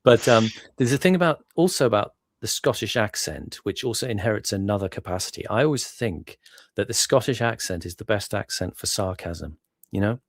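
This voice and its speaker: A very low-pitched man in casual talk, stumbling over his words with many restarts and quick laughs. The sound is dry and close, with little room around it. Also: expressive, no room sound. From England. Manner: hesitant, many restarts and fillers, laughs often. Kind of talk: casual conversation.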